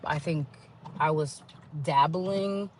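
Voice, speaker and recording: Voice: medium pitch, slow pace, a little hiss or hum. A podcast host giving a candid personal testimony, acting out the voices of the people in the story. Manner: candid, acts out quoted dialogue.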